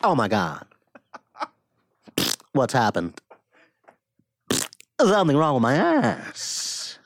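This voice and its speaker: A man doing an impression of an over-the-top heroic starship captain, with choppy, emphatic pauses and a rising, strained delivery. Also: mid-range voice, wildly swooping pitch, dry recording, voice pushed up, exaggerated voice. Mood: panicked.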